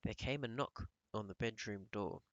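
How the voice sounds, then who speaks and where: Gravelly male teacher reading aloud. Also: fairly low pitch, moderate pace, no room sound, muffled recording. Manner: calm storytelling narration. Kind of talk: reading a novel aloud to pupils.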